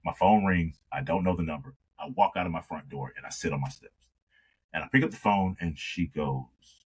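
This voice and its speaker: Deep husky-voiced man telling stories. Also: normal speed, low-quality recording. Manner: animated storyteller who acts out dialogue. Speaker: singer, interview guest. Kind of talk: storytelling in a conversation.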